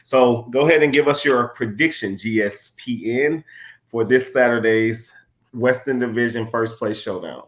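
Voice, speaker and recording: A man hosting a sports talk show, asking for predictions with a playful, teasing manner. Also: medium pitch. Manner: playful, quick questions, teasing. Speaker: host.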